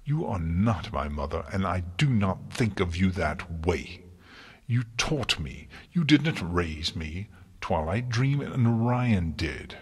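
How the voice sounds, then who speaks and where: A man's voice: sits low, big pitch swings, slow pace, slightly rough, exaggerated voice. A man voicing a defiant young mare scholar who speaks in a cold, snarling fury, in an audiobook reading. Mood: furious.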